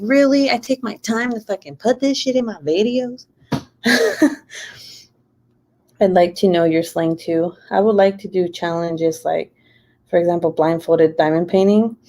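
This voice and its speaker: A woman's voice: mid-range voice, darkish tone. A young woman YouTuber chatting casually and rambling while she crafts, swearing freely. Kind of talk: casual late-night craft livestream chat.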